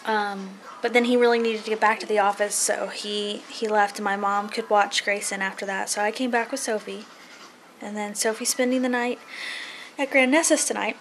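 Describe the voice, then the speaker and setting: A young woman chatting casually to a handheld camera at home, telling an animated story for her family vlog. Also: medium pitch, moderate pace, slight background noise. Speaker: family vlogger. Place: house being painted, indoors.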